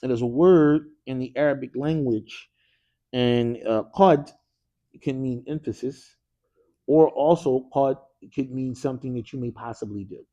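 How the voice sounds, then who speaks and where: In a mosque classroom, a man teaches Arabic grammar with energy at a measured pace, his mid-range voice mellow and the recording muffled. He keeps quizzing students with "what?" prompts and slips in casual slang.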